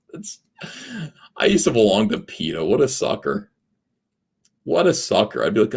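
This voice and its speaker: A sarcastic man in his forties chats loosely on a livestream from his basement office, his fairly low voice swinging up and down as he jokes and rambles. He is full of filler words and reacts to viewer messages in an offhand, mocking way. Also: huge pitch swings, normal speed, gravelly, breathy edge. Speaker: livestream host. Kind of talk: casual livestream chat reading super chats.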